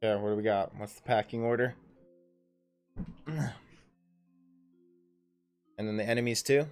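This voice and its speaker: A man's voice: fairly low pitch, fairly even intonation, measured pace, darkish tone, clear, resonant tone, faint music behind. A man in his thirties acting as dungeon master on a casual livestream, thinking aloud as he reads out the adventure and calls for rolls. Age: 30s.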